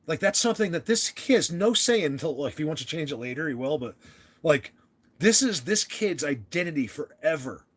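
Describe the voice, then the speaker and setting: A man's voice: a little high, expressive, brisk. A young American man hosting a casual livestream chat, rambling and restarting his sentences as he talks to viewers. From United States. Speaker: livestream host.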